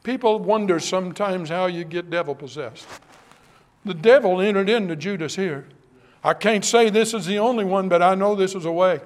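A preacher delivering an impassioned sermon, dropping often to hushed, solemn tones. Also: male voice, high voice, moderate pace.

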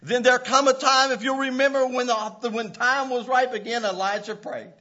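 High-voiced impassioned male preacher. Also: steady tone, normal speed. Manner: impassioned preaching, breaking into shouts and laughs. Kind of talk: sermon. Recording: dull lo-fi recording.

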